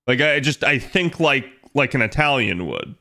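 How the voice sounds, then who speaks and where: A man's voice: medium pitch, animated, normal speed, pushed and bright. A man chatting casually on a livestream, rambling with lots of fillers and frequent laughter. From United States. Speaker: streamer.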